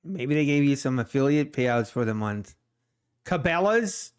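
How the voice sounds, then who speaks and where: Slow, laid-back man. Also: mid-range voice, lively intonation, clean tone. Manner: laid-back, joking, laughs often. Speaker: day trading livestream host. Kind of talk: casual live-stream chat.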